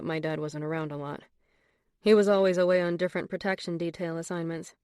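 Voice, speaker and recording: A woman voicing a confident, flirtatious wealthy man in an audiobook, speaking low and measured. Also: a little mellow, clean tone, no echo, studio quality, lightly acted. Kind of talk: audiobook character voice.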